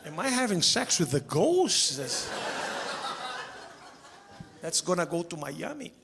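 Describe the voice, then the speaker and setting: A man's voice: on the high side, takes it slowly, vocal fry, background noise. A man performing a stand-up comedy set, acting out the voices in his stories. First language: Portuguese. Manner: animated storytelling, acts out voices, shouts for punchlines. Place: theater stage before a live audience.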